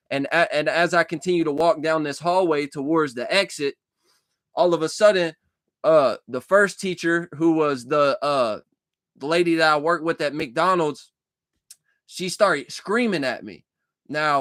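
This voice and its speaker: A man's voice: on the high side, fairly bright tone, no echo. A young man telling a long dream story in a casual, rambling way, swearing often, repeating himself and restarting his sentences. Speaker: vlogger recounting a dream.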